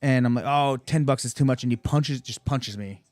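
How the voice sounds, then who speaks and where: A man's voice: medium pitch, normal speed, a little mellow, no room sound. A man telling a long personal story in casual podcast chat, full of profanity and acted-out quotes in a raised voice.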